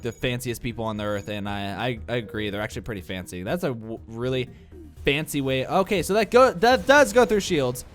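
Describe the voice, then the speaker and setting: Here a gameplay commentator, a young Midwesterner with a medium-pitched voice and a regional accent, wanders through casual let's-play talk. He fills gaps with many "uh"s, and his allergies make him sound slightly congested.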